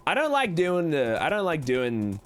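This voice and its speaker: Streaming a game, a man stays in character as a chatty cowboy con man, answering chat with folksy talk at a moderate pace and sudden excited jumps into a higher voice.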